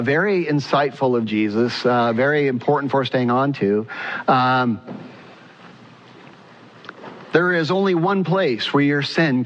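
A male pastor preaching a sermon in an earnest style, putting questions to the congregation. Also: mid-range voice. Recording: muffled sound with long church reverb.

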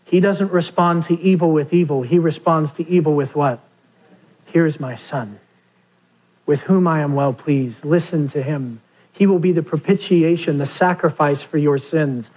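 A man's voice: on the high side, muffled recording. A man preaching a sermon, who asks his listeners questions and acts out the pleas he quotes. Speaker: pastor.

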